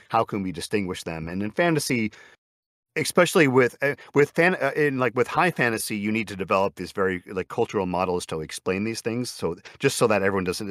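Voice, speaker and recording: An audiobook narrator chats casually in a video-call interview from a small home recording booth. He often stops himself mid-sentence and acts out little back-and-forth exchanges. His voice is on the low side with a fairly bright tone, in echo-free studio quality.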